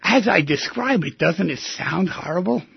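Gravelly, husky man hosting a show. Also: sits high, lively intonation, moderate pace, no room sound, muffled recording. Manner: musing, asks the listener rhetorical questions. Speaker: radio show host. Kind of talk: reflective talk show monologue.

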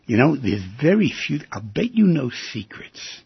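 Raspy gravelly guy on talk radio, keeps throwing questions, kinda dull lo-fi sound. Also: mid-range voice, unhurried, no room sound. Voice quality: gravelly, husky. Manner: questioning, teasing, animated with sudden loud bursts. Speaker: radio call-in host.

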